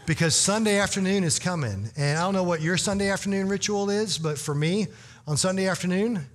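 A man's voice: high-pitched, fairly quick. A man preaching in a humorous, conversational way, telling a story to his congregation with lots of "you know" fillers. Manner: addresses the congregation directly. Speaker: pastor. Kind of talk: storytelling sermon.

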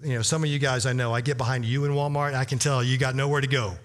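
Speaking quickly at medium pitch with little pitch movement, a pastor tells his congregation a story in a humorous, conversational sermon. He talks to them directly, dropping plenty of "you know"s.

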